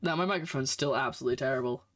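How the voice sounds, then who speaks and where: A woman with a bass voice streams a game, speaking at a racing pace into a desk microphone with no echo. She comments casually and sarcastically, exasperated at the characters, over game audio in the background.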